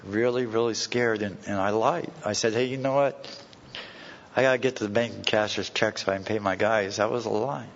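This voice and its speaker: A man's voice: lowish voice, steady tone, fairly quick, creaky, a little hiss or hum. A man telling a personal story to a recovery meeting in blunt, folksy words with plain slang. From California. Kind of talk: personal story told to a live audience. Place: meeting hall. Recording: dull old tape recording with long hall reverb.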